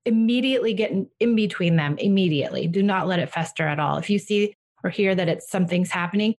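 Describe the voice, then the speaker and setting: A woman giving a parent calm, direct advice on handling a child's tantrums. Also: medium pitch, fast talker. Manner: direct, reassuring, acts out what to say to children. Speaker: parenting coach. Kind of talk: advice session.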